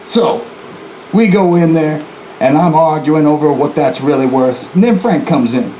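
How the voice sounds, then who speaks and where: A man's voice: fairly high pitch, measured pace, dark tone, roomy sound, slight background noise, close to an everyday voice, low-quality recording. A man playing a boastful, defiant male outlaw bank robber in a folksy first-person storytelling performance, talking straight to the audience. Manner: folksy, chatty asides to the audience. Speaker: historical reenactor. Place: live presentation venue, indoors.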